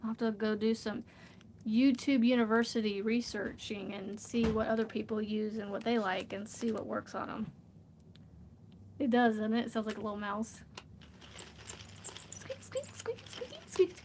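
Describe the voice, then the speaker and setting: A woman's voice: medium pitch, flat delivery, moderate pace, a little mellow. Chatty woman vlogging at home, slight hiss. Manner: chatty, rambling, laughs often. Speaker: crochet vlogger. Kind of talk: casual livestream chat while crafting.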